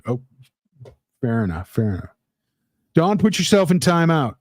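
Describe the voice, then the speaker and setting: A man's voice: on the high side, big pitch swings, moderate pace, pauses often, darkish tone, no echo. A man hosting a casual livestream, reading out chat comments in a rambling, playful way with lots of fillers. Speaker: livestream host.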